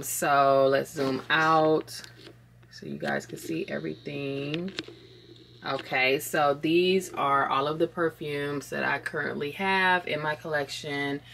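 Taking it slowly in a low voice, a young woman chats casually about beauty and perfume to her viewers, whom she calls dolls. She's vlogging from a closet at home on a camera mic, with background noise present.

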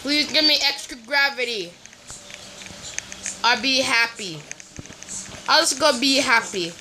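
A gaming video host giving playful, silly commentary while playing, with drawn-out chants. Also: sits high, sharp tone, a little hiss or hum. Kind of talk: casual gameplay commentary. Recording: game music clearly behind.

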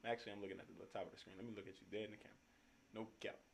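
A man's voice: fairly low pitch, steady tone, very fast, gravelly, a little hiss or hum. A tired young man just off work, hosting a music reaction video in slangy, profanity-laced casual talk. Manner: slangy, swears freely, hypes the music up. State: tired after work, yawning.

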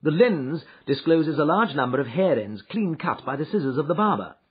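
Brief: male narrator doing a shrewd lecturing detective, husky, slightly high, in a dull lo-fi recording. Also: very animated, full character voice. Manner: brisk, lecturing, precise. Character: shrewd confident male detective, middle-aged. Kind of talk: audiobook character reading. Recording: dull, muffled audio.

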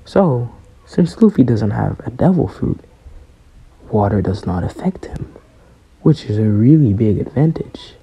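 A man telling a fan-made story in a casual, hesitant way, filling gaps with ums and you-knows. His delivery is slow and drawn out, and his voice sounds very dark and mellow. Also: medium pitch, expressive, creaky, breathy edge, low-quality recording. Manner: hesitant, full of fillers.

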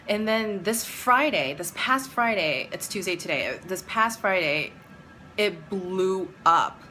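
A woman in her thirties telling a story in a casual vlog, animated and exasperated, acting out bits of dialogue. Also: fairly low pitch, slight background noise. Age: 30s. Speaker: vlogger; doctoral music student and teacher.

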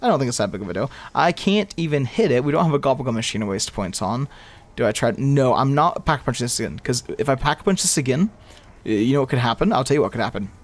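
This gaming video creator is a young man whose mid-range voice is expressive and fast. He rambles live over his own gameplay, muttering to himself and erupting in frustrated outbursts.

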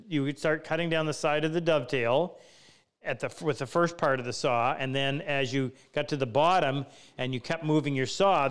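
A woodworking teacher hosting a live Q&A, chatting in a self-deprecating way and rambling through anecdotes. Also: male voice, on the high side, fairly bright tone, smooth. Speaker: woodworking teacher and show host. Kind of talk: live Q&A, casual storytelling. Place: woodworking workshop.

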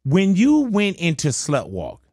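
A man's voice: high voice, wildly swooping pitch, measured pace, a little mellow, breathy edge, no room sound. A middle-aged man hosting a casual studio interview, telling stories with slang in a laid-back way. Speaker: radio host.

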